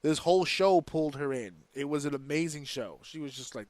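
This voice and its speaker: Male podcast co-host, higher-pitched, animated and foul-mouthed, dry close sound. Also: fairly quick, no echo. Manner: animated, profane, rants excitedly. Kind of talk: casual wrestling podcast chat.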